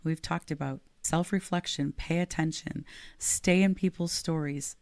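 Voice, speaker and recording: A woman's voice: deep voice, fairly even intonation, measured pace, darkish tone, dry recording. A woman podcast co-host and leadership coach, talking casually and earnestly and laughing easily.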